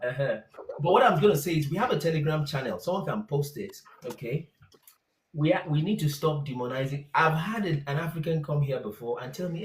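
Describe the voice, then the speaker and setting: A man, a pastor hosting a casual discussion and telling stories with lively asides. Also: fairly high pitch, a little fast, echoey room, a little hiss or hum, rough recording. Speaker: pastor and host.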